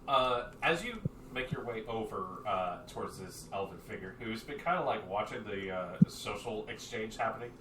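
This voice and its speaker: A man's voice: on the low side, lively intonation, normal speed, hardly any pauses, roomy sound, far from the mic, background noise. A man narrating a tabletop game as game master, rambling with many fillers.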